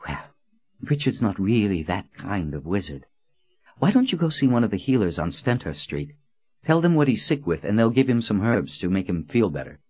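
A composed noblewoman who speaks with calm authority, read by a male narrator in a deep voice near his own. The delivery is low and even-handed. The recording is dry and slightly muffled. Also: moderate pace, breathy edge, dry recording. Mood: gentle. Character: composed noblewoman, commanding and gentle. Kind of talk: audiobook character voice.

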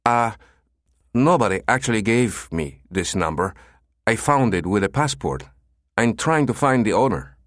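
Voiced by a male narrator, a Spanish traveller with a slight cold speaks through his nose, courteous and easily flustered. His voice sits higher than the narrator's own and swings about. It is recorded close and dry for an audiobook. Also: very animated, normal speed, no echo. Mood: apologetic. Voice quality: nasal. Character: nasal Spanish man with a cold, polite and flustered.

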